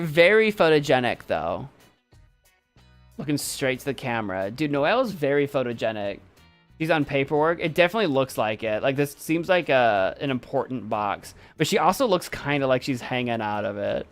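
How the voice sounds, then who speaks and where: Man, streamer, playful, jokey, very animated pitch, faint background music. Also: moderate pace, clear, resonant tone. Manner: playful, jokey, laughs often. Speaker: streamer host. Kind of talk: casual commentary on viewer photos.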